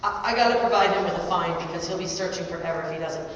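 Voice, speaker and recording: A woman's voice: lowish voice, racing. A woman dog agility trainer demonstrating a training step, chatting casually and breaking off to coax and cheer on her dog. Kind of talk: instructional demonstration. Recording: distant, echoey, muffled, faint ambient noise.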